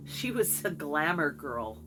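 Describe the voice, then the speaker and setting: A woman's voice: low voice, background noise. A middle-aged woman vlogger telling a candid personal story to camera in a chatty, wry way. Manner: chatty, wry, talks to her cat between stories. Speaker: video blogger.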